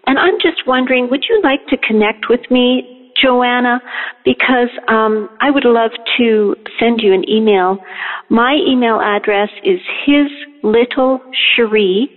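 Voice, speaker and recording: A woman from Canada leaving a phoned-in message, gently and caringly asking after others. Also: fairly high pitch, unhurried. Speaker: caller. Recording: tinny phone line with long reverb.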